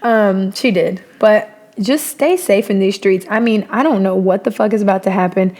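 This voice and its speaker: A woman's voice: mid-range voice, normal speed, darkish tone. A young woman co-hosting a podcast in casual, playful chat, laughing often and talking while eating. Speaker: podcast co-host.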